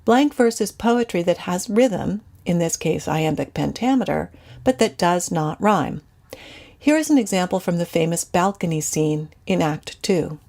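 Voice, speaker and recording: A woman teacher giving a scripted, measured lecture to students. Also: on the low side, lively intonation, vocal fry, darkish tone.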